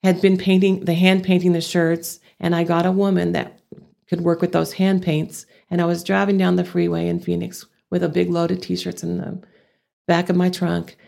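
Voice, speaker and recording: Older Texas woman, low gravelly voice, earnest interview guest. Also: monotone, normal speed, mellow. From Amarillo, Texas. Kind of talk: casual interview.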